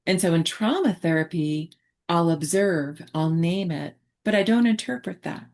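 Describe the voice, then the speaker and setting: A woman therapist explaining her approach in a relaxed online teaching chat, talking reflectively with many fillers and restarts. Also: on the low side, normal speed. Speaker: therapist presenter.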